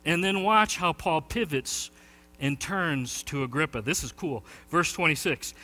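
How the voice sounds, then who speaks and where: Pastor, male, high bright voice, lively storyteller, echoing sanctuary. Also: measured pace. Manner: animated storytelling, shouting quoted lines. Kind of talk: sermon.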